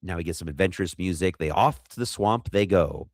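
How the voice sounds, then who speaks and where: A man co-hosting a podcast, rambling through a movie recap and acting out quotes in quick funny voices. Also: low voice, dry recording, clean studio sound. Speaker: podcast co-host. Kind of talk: casual movie recap chat.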